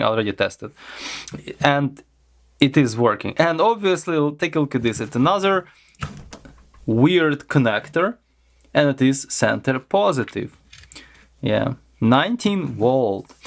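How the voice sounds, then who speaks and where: A man with a delivery talks slowly through a hands-on electronics teardown. His voice sits at a middle pitch, and he muses aloud with plenty of fillers and restarts. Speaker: electronics teardown channel host. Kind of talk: casual hands-on teardown commentary.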